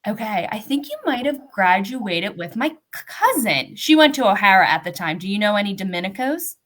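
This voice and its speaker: A young woman with a Delco accent, hosting a live-stream interview in a chatty, bubbly way with quick asides. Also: medium pitch, very animated, a bit bright. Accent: Delco (Delaware County, Pennsylvania). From Delaware County, Pennsylvania. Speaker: host.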